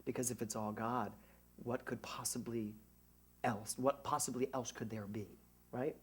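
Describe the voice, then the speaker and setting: A middle-aged man, a minister, giving a conversational sermon to a congregation, animated and joking at his own expense. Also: medium pitch, moderate pace, slightly rough. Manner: animated, jokey, self-mocking. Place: church service before a congregation.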